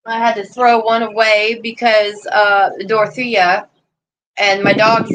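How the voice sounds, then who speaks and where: Out in a yard, a woman livestreams casually, chatting in a rambling way and stopping to scold or coo at her dog. Her voice sits on the high side with a steady tone, a bit bright, at a measured pace. The recording is rough.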